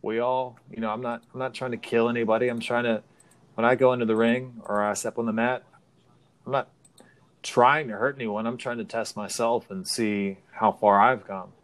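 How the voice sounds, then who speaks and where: A man's voice: mid-range voice, flat delivery, moderate pace. Middle-aged male karate sensei, frank and plain-spoken, casual podcast talk. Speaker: martial arts instructor.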